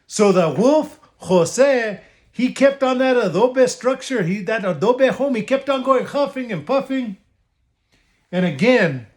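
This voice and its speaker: A man's voice: high voice, lively intonation, a little slow. A man reading a picture book aloud to children, switching between languages and stopping to explain words. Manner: bilingual, explaining asides to children. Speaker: state official reading to children.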